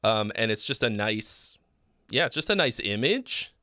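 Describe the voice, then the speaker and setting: Male streamer-host, bright tone, dry close sound; casual, blunt song-critique delivery with fillers. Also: on the low side, big pitch swings, measured pace, no room sound. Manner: frank and loose, swearing, many fillers and restarts. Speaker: host giving song feedback.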